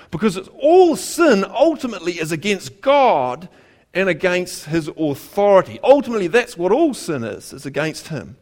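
Kiwi male preacher, slightly higher voice, very animated pitch, chatty sermon with rhetorical questions and repeated lines. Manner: conversational, with rhetorical questions to the congregation; emphatic repetition of key phrases.

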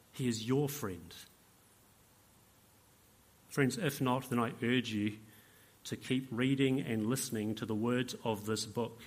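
A man preaching a sermon earnestly, dropping to hushed appeals and rising to emphatic points. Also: a little high.

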